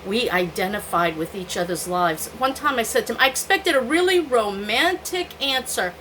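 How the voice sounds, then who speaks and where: A woman's voice: on the high side, lively intonation, moderate pace, hardly any pauses, a bit bright, a little hiss or hum, low-quality recording. An older woman vlogging, telling candid stories from her own life and often laughing at herself. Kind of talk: personal storytelling to camera.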